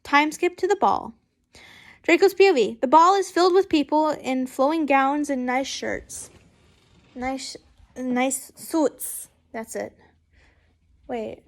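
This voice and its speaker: A high-pitched young woman in her twenties reading fanfiction aloud. She reads the story in a casual way, stumbling and restarting, and breaks off often for giggly, chatty asides with loose swearing. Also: unhurried, vocal fry. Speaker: fanfiction reader and YouTuber.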